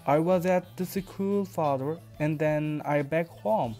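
A man with a Turkish accent voicing a young schoolboy who begs his parents tearfully, his pitch lifted above his own. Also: slow, mellow, soft background music. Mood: pleading. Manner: pleading, raised pitch.

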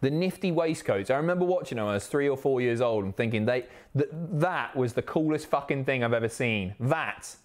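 A man's voice: medium pitch, animated, fairly quick, hardly any pauses. A man giving crude, mocking commentary on old TV clips as host, laughing often. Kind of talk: sweary casual commentary.

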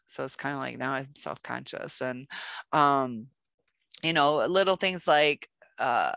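A woman talks casually to camera in a self-help video, her voice low-pitched yet bright and forceful. She rambles loosely with plenty of fillers and slips into little acted-out exchanges. The sound is dry and close, with no room around it. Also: measured pace, creaky, clear, resonant tone, dry recording. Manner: loose and chatty, many fillers, acts out little quoted exchanges.

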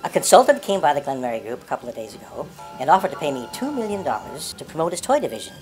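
A woman's voice: low voice, big pitch swings, racing, darkish tone, faint music behind. A woman playing an aging male elf salesman in an amateur comedy parody, hesitant at first and then pushy and wheedling.

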